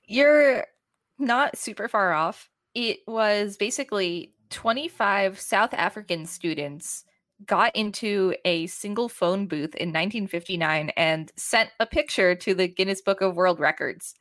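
A woman hosts a casual podcast, quizzing her co-host and explaining the answers matter-of-factly. Her medium-pitched voice is a bit bright and a little slow, captured in a dry, studio-quality recording.

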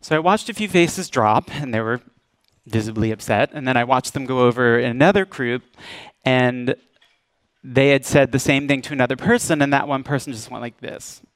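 A man tells a story from his working life in a speech at an event, playing out each quoted exchange as he goes. His voice sits in a middle pitch range. The sound is dry, with almost no room around it. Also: normal speed, no room sound. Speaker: casting director. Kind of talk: public speech. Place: event stage.

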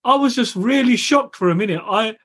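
A man's voice: very high voice, brisk, a bit bright, slightly rough. A man, co-hosting a podcast and telling a story animatedly, swearing freely. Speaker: podcast co-host. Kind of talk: casual storytelling chat.

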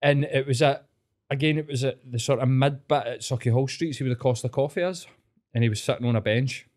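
A man's voice: medium pitch, a little fast. A Glaswegian man hosting a podcast, telling stories in casual chat and swearing heavily as he goes. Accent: Glaswegian Scottish. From Scotland. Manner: heavy swearing, animated storytelling. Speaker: podcast host.

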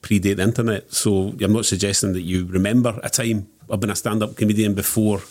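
A man's voice: fairly low pitch, flat delivery, fairly quick, darkish tone, dry recording. A man hosting a podcast, steering a casual chat and reading out jokes. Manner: leads the talk and tells jokes from lists. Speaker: podcast host.

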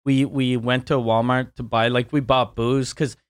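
A man's voice: mid-range voice, level tone, moderate pace, clean tone, dry recording, clean studio sound. A man co-hosting a podcast, riffing crudely and joking in casual chat. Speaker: podcast co-host.

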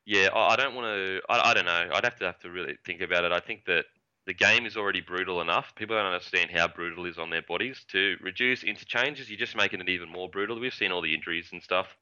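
A man's voice: deep voice, fast, pushed and bright, clear, resonant tone, highs cut off. A man, a former rugby league winger, rambling in casual chat and swearing now and then. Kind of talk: casual sports podcast chat.

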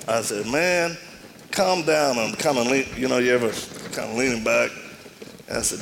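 Cajun male preacher, mid pitch, gravelly, playful storyteller, noisy live feed. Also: unhurried, long pauses, big-room sound. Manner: humorous, animated storytelling with self-deprecating asides.

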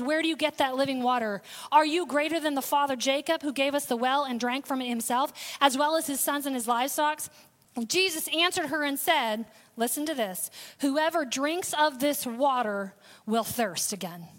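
A woman's voice: sits high, fairly bright tone. A woman pastor, preaching a sermon with call-outs and sudden bursts of intensity.

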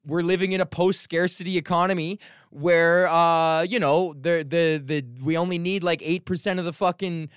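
This Edmonton, Canada man, a stand-up comic, rants alone on his podcast, cursing heavily and wandering off track with fillers and false starts. His voice leans high with fairly even intonation and a normal speed, and the sound is clean and studio quality with no room echo.

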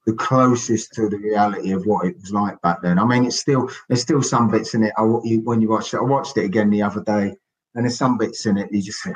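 A man's voice: on the low side, fairly even intonation, a little fast, low-quality recording. A middle-aged man, a guest on a casual podcast who tells stories chattily and acts out quotes. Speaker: guest author.

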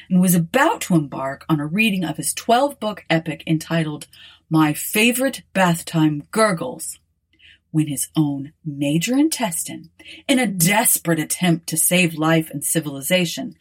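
A woman narrating an audiobook in a wry, expressive storytelling manner. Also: low-pitched, husky.

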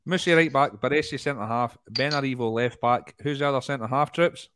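A man's voice: mid-range voice, a little fast, a bit bright, a little hiss or hum. A man hosting a casual podcast quiz, reading out answers with plenty of laughing, swearing and banter. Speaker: quizmaster and podcast host.

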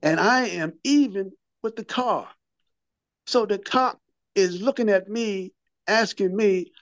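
A man's voice: high-pitched, takes it slowly, no room sound, dull audio. A man in his fifties or older, telling his recovery story in an interview, a vivid storyteller who repeats and restarts his words and acts out what people said.

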